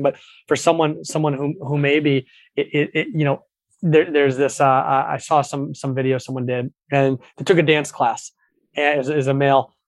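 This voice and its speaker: A man talks at a rapid clip and tells stories with plenty of restarts and quick asides. His voice sounds close and dry, with no room around it. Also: mid-range voice, dry recording. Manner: fast, animated storyteller with many restarts. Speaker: podcast guest, entrepreneur. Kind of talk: casual interview talk.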